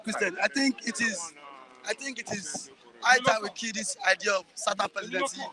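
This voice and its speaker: A Nigerian man arguing politics forcefully, talking over others and repeating himself. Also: high voice, moderate pace, over music. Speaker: interviewee. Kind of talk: heated political argument.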